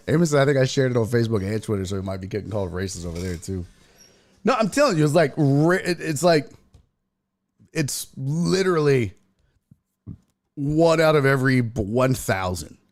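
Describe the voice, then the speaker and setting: Animated, profane male show host. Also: mid-range voice, moderate pace, long pauses. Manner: animated, profane, rambling, laughs often. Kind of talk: casual livestream chat.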